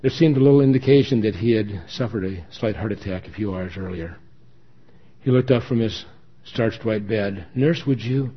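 Man reading an emotional story, low husky voice, kinda dull lo-fi audio. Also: moderate pace. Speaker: story reader. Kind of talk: dramatic first-person story narration. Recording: dull lo-fi recording.

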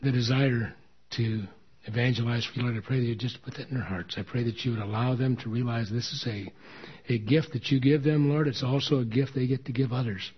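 A man's voice: medium pitch, steady tone, fairly quick, slightly rough. A man leading a church meeting, speaking with earnest conviction and then praying fervently over the gathering. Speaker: pastor. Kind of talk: sermon and closing prayer. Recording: dull lo-fi recording.

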